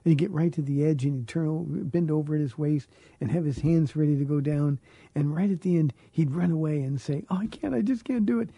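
A man's voice: fairly high pitch, fairly even intonation, fairly quick, warm tone, breathy edge, dry recording. A middle-aged man, a pastor answering listeners' questions on a call-in radio show, earnest and often repeating words as he searches for the phrasing.

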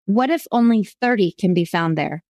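A woman's voice: mid-range voice, expressive, normal speed, a little mellow, no room sound, natural voice. A woman reading the lines of Abraham, an old man pleading earnestly with God, with added emphasis.

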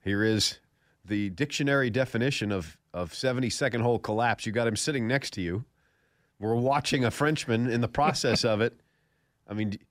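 A man's voice: medium pitch, a little fast, dry recording, clean studio sound. A man hosting a golf radio show, telling stories and joking with a scratchy throat. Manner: jokey, laughs often while telling stories. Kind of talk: casual studio chat and storytelling. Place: radio studio.

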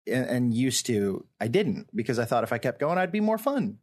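A man's voice: mid-range voice, big pitch swings, darkish tone. Earnest man co-hosting a faith podcast. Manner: earnest, talks in quick bursts with restarts. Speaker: podcast co-host. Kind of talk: casual faith discussion. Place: indoors at a wood table.

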